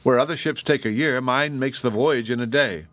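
A man's voice: medium pitch, normal speed, fairly bright tone, no room sound, close to an everyday voice. A man voicing a modest young boat builder in a storybook reading, speaking matter-of-factly.

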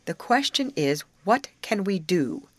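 A woman's voice: fairly low pitch, very animated, measured pace, dry recording, voice pushed up. A woman reading aloud voices a bossy, impatient teenage girl who takes charge and speaks sharply and insistently.

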